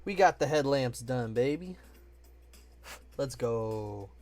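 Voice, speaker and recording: A man's voice: medium pitch, expressive, slow, a little mellow, faint music behind. Playful, joking man live streaming. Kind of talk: casual live-stream chat while building models.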